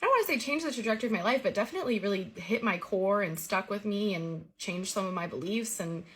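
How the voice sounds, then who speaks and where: A woman's voice: mid-range voice, quick pace. A woman earnestly recounting a vivid personal dream story in a casual way. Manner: earnest, vivid retelling with lively quoted dialogue.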